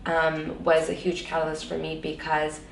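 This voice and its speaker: A woman's voice: low voice, monotone, moderate pace, gravelly, distant mic, a little hiss or hum. A woman guest in an interview, candidly telling a personal story with emotion and many fillers, in an echoey room set back from the mic.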